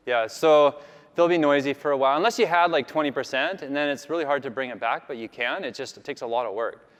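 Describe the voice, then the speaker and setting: A man from Canada gives a loose, filler-heavy conference talk with a live demo. His voice is smooth and clear, at an ordinary pitch. Long reverb from a large hall hangs on his words. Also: lo-fi sound. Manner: chatty, rambling, filler-heavy. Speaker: conference speaker.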